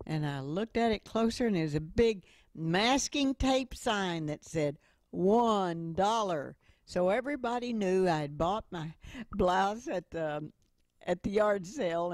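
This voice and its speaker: A middle-aged woman giving a motivational talk with stories, speaking slowly and deliberately. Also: medium pitch, animated, a little mellow, dry recording. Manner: slow and deliberate, with acted quotes. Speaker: inspirational speaker.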